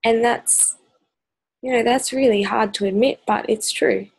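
An exhausted Australian woman talks straight to camera in a personal vlog, her voice low on energy and gravelly with fry. She speaks in a flat, even line, stopping often on ums as she searches for words. The sound is dry and close. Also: a little slow, dry recording, poor audio. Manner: hesitant, full of ums, earnest. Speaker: vlogger.

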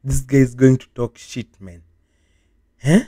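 A man's voice: mid-range voice, fairly even intonation, a little slow, warm tone, breathy edge. A man hosting a reaction video, venting in a casual, repetitive rant and chanting the same complaint over and over.

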